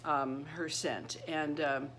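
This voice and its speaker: A middle-aged woman telling a personal story to her channel. She speaks earnestly and haltingly, with many restarts and repeated words. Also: sits low, steady tone, fairly bright tone, a little hiss or hum. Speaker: channel host.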